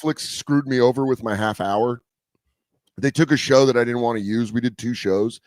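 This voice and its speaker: A man's voice: mid-range voice, moderate pace, no echo. A man, a comedian guest on a radio-style show, telling stories in casual chat, swearing freely and acting out the voices of people he quotes. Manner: animated storyteller who acts out quoted voices, swears freely.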